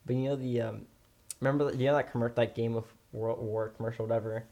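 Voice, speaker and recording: A man's voice: mid-range voice, fairly even intonation, quick pace, warm tone. A young man co-hosting a podcast in casual chat, rambling with lots of fillers and restarts. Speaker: podcast co-host.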